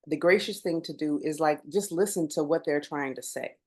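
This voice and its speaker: A woman co-hosting a podcast, talking through a pet peeve in an unhurried, thoughtful way with laughing asides. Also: sits low, darkish tone. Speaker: podcast co-host. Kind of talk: casual chat.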